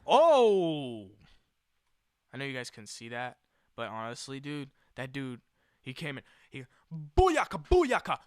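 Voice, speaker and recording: A young man vlogging in casual, slangy chat, with an excitable manner that swings from loud to soft. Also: medium pitch, normal speed, clear, resonant tone, dry recording. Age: young adult.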